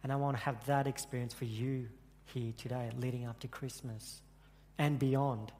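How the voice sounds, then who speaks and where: Speaking in an echoey hall, a man with a mid-range, slightly mellow voice and fairly even intonation gives an earnest church sermon. He tells a personal story and keeps breaking off to restart his sentences.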